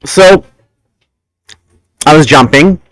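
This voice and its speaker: A man's voice: a little high, slow, no room sound, poor audio. A man hosting a casual podcast chat, telling rambling stories about his childhood. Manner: animated, rambling storyteller. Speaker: podcast host.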